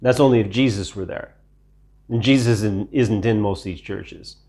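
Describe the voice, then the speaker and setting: A man from Ukraine teaching the Bible in a sermon style, deliberate, repeating phrases for emphasis and asking rhetorical questions. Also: on the low side, a little mellow.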